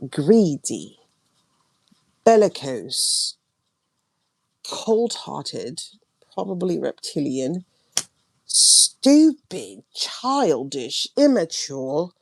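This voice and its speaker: Gravelly, emphatic woman ranting. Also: sits low, dry recording. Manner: emphatic, repetitive, swings between loud and hushed. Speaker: tarot reader and livestream host. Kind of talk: ranting livestream monologue.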